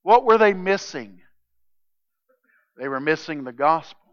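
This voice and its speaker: Emphatic high bright-voiced male preacher. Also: expressive, measured pace, smooth, lo-fi sound. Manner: emphatic, swings from loud declarations to hushed intensity. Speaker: pastor. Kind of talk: sermon.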